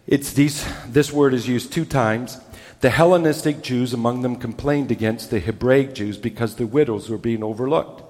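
A male pastor preaching a sermon with emphasis, dropping low and soft on key words. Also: normal speed, long reverb tail.

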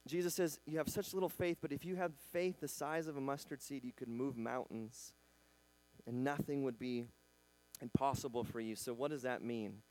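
A man preaching a sermon in a conversational style, acting out quotes and swinging between loud bursts and quiet emphasis. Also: medium pitch, moderate pace. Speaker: pastor.

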